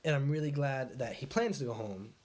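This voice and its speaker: A man's voice: medium pitch, a little fast, darkish tone. A man hosting a podcast, recapping an episode in casual, rambling chat, full of fillers and freely swearing. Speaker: podcast host.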